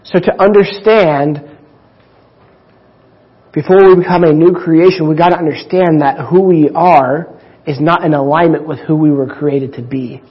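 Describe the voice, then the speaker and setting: A man delivers a sermon slowly and deliberately, leaning on key words and pausing between phrases. His voice is a little husky and sits fairly high for a man. The recording sounds dull and lo-fi. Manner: deliberate, emphatic preaching with drawn-out pauses. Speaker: pastor.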